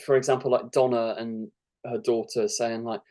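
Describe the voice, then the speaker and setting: A man's voice: medium pitch, level tone, moderate pace, warm tone. A young man, a guest in a casual fan chat, eager and acting out imagined lines. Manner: enthusiastic, acts out imagined lines.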